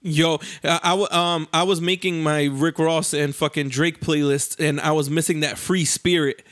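High-voiced young guy, loose chat. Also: fairly even intonation, moderate pace, a bit bright. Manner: loose, laughing, swears a lot. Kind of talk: casual chat among friends.

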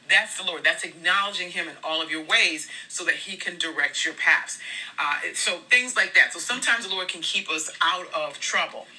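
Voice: medium pitch, pushed and bright. A speaker giving a devotional talk to a campus fellowship, telling personal testimony stories in an earnest, conversational way. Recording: voice a bit far from the mic.

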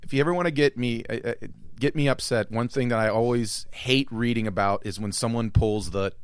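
Radio show guy telling a story, steady, plain mid voice, dry sound. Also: mid-range voice, a little fast, clear, resonant tone, no echo. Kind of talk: casual banter.

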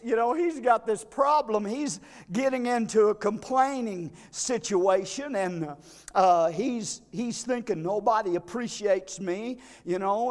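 A man, preaching a sermon in a chatty way with asides to the congregation, rising to shouts and sinking to a hush. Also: high-pitched, long reverb tail. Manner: builds to shouting climaxes, then drops to a hush; conversational, with fillers and call-outs to the congregation.

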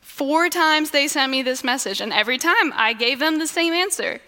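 A woman giving an expressive devotional Bible talk, slowing to a deliberate refrain at times. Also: high voice. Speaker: devotional speaker. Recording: long echoing reverb.

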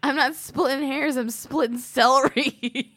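A woman's voice: high-pitched, fairly even intonation, a little slow, fairly bright tone, dry recording. A woman hosting a casual podcast, stoned, giggling and teasing with a lot of swearing. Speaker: host.

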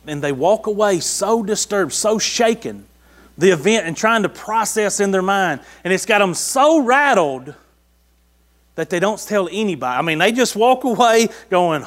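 High-voiced folksy preacher man. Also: lively intonation, unhurried. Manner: folksy, conversational preaching with rhetorical questions. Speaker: pastor. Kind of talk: sermon.

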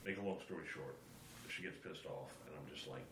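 A middle-aged man on a podcast, telling a family story in a lively, animated way and acting out the quotes. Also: extremely low pitch, a little fast. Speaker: podcast co-host. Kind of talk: casual chat, storytelling. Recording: echoey room with faint ambient noise.

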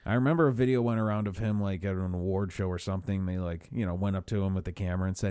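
A man's voice: sits low, steady tone, very fast, few pauses, warm tone, clear, resonant tone, dry recording, clean studio sound. A man co-hosting a podcast in casual chat, laid-back and joking, often laughing.

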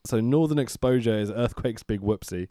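A man's voice: medium pitch, normal speed, warm tone, dry recording, clean studio sound. A man hosting a podcast, chatting and laughing with friends, swearing freely. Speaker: podcast host. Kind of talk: casual chat about wrestling.

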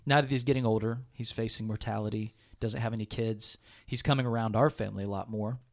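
Brief: man, gravelly voice, church staff member, earnest rambling storyteller. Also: fairly low pitch, steady tone, quick pace. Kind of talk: casual discussion, personal story.

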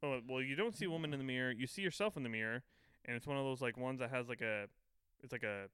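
A man co-hosting a casual sports podcast, deadpan and rambling, full of "like". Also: medium pitch, quick pace, smooth, no echo. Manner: deadpan, rambling with many likes. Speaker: podcast co-host. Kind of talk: casual chat.

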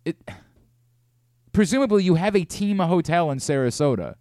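Male sports radio host, lively swooping delivery, exasperated rants, dry close studio sound. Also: fairly high pitch, moderate pace, dry recording. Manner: animated, exasperated ranting. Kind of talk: casual sports talk radio.

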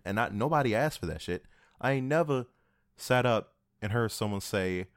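Low-voiced laid-back man, casual chat. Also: animated, normal speed, dry recording, clean studio sound. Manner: laid-back, profane, joking. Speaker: podcast co-host.

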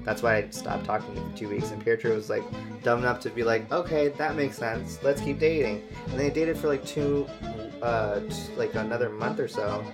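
A woman chatting casually and telling a story, animated and laughing as she slips into silly put-on accents. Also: rumbling low, a little fast. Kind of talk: casual chat. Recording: music playing behind.

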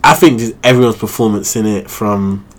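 A man's voice: on the low side, fairly even intonation, brisk. Laid-back man on a podcast. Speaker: podcast co-host. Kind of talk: casual chat.

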